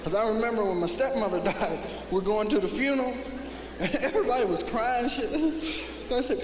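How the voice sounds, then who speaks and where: A man performing a stand-up comedy set on stage, telling stories, drawing words out slowly and shouting punchlines. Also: high voice, lively intonation, crowd noise. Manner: storytelling, shouts punchlines, drawls slowly for effect. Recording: roomy live club recording, loud noise.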